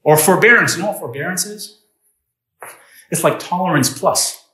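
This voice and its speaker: A man's voice: high voice, expressive, normal speed, sharp tone, reverberant, low-quality recording. A man preaching a sermon as pastor, in a conversational way that asks the congregation questions. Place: church.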